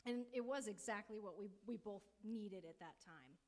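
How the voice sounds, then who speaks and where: A woman's voice: medium pitch, normal speed. A young adult woman sharing a personal testimony at a church conference, light and joking, laughing as she talks. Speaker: conference speaker.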